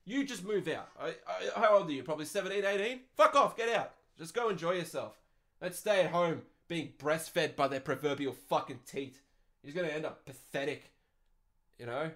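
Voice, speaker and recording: A man's voice: a little high, moderate pace, fairly bright tone. A young Australian man hosting a podcast, answering listener questions in a blunt, profane rant. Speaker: podcast host. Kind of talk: ranting advice podcast.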